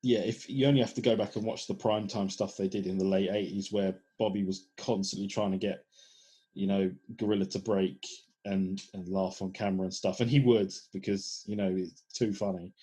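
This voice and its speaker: A podcast co-host with a somewhat low voice that has a husky edge. He talks in a relaxed, casual way, recapping events with plenty of pauses and fillers. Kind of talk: casual chat.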